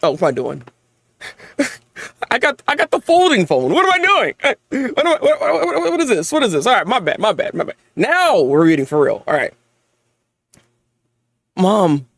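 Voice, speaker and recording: An excitable young man reacting live to a manga chapter, his voice pitched high and swinging widely up and down. He trips over repeated words and breaks into laughter often. The sound is dry and close. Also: normal speed, creaky, no echo.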